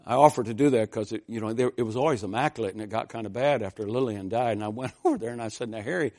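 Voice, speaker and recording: Folksy preaching man, rising to fervent shouts. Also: medium pitch, racing. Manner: folksy storytelling that builds to loud fervent exhortation. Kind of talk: sermon.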